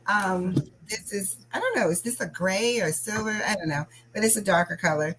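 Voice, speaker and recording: A woman's voice: mid-range voice, expressive, normal speed, hardly any pauses, a bit bright, a little hiss or hum, poor audio. A woman chatting casually while crafting on a livestream, greeting viewers by name as she works.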